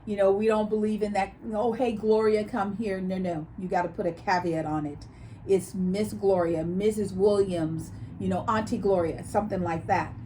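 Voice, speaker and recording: A woman's voice: on the low side, moderate pace, slight background noise. A woman co-hosting a casual chat show, telling stories and acting out quoted voices as she talks. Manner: animated storyteller, acts out quoted voices. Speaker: co-host.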